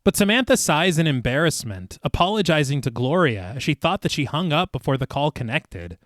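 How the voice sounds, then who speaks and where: A man's voice: a little high, brisk, no room sound, studio quality. A man co-hosting a horror podcast, narrating a film's plot scene by scene. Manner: narrates plot at length, lively. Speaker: podcast co-host. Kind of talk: recapping a film plot.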